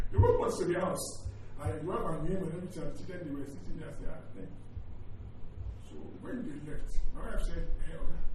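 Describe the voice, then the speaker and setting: A man's voice: sits high, noisy background. A middle-aged male pastor preaching a sermon and telling a story, acting out the dialogue and often repeating his words. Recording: echoey hall, mic far off, faint ambience.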